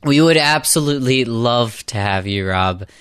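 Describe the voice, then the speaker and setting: A man hosts a podcast interview with a smooth, clear voice. He asks his questions gently and kindly, and the sound is close and dry, with no room echo. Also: mid-range voice, expressive, normal speed. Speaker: podcast host.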